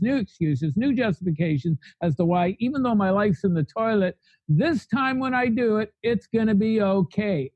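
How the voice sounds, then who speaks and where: A man's voice: sits high, darkish tone, dry recording, lo-fi sound. A man telling his recovery story in a podcast interview, blunt and fiery, speaking in long spoken lists. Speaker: guest sharing recovery story.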